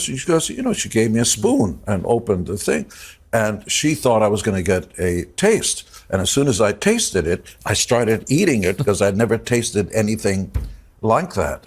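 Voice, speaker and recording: A man telling an emotional personal story in a TV interview, reflective and halting, getting choked up at times. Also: low-pitched, slightly rough. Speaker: interview guest.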